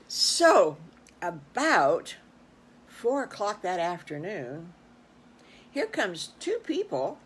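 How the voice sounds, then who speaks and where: A woman's voice: fairly low pitch, slight background noise, rough recording. Folksy older woman telling a story. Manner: folksy, animated, rambling. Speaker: storyteller grandmother. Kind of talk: improvised children's storytelling.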